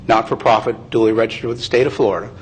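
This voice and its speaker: A man's voice: fairly low pitch, steady tone, a little hiss or hum, low-quality recording. Earnest man addressing a county board. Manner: earnest, apologetic, halting with restarts. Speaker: presenter speaking to county commission. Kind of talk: public meeting testimony. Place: county commission meeting chamber.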